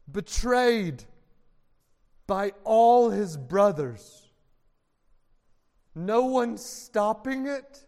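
A man's voice: high voice, smooth. A man preaching a dramatic sermon, telling the story vividly and acting out the characters' voices. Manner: acts out scenes with voices for the characters. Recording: long hall reverb.

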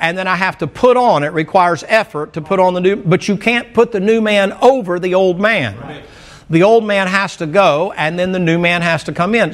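Folksy middle-aged preacher, a man with a slightly high voice, homespun jokes in a sermon. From American mountain region. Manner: folksy, storytelling, humorous asides. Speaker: pastor.

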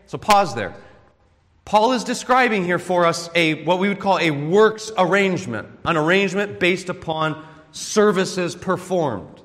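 Guy preaching, fairly high voice, earnest teacher vibe, big echoey church. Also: fairly bright tone. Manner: earnest teaching tone with rhetorical questions. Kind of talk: expository sermon. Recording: long hall reverb.

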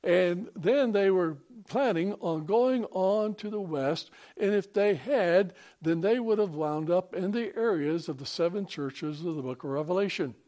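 A man preaching a sermon, reading scripture and praying, in an earnest, halting way with many pauses and restarts. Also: sits high, dark tone. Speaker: pastor. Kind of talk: sermon with Bible reading and prayer.

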